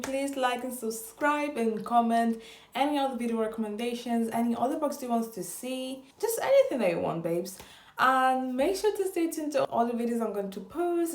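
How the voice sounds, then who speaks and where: A woman's voice: a little high, darkish tone, reverberant. A woman vlogging casual beauty product reviews in a gushing way, repeating her words for emphasis.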